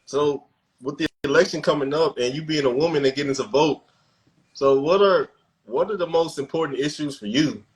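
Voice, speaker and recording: A man's voice: a little high, moderate pace, rough recording. A man hosting a podcast in casual chat, laid-back, laughing often and restarting his sentences. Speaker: podcast host.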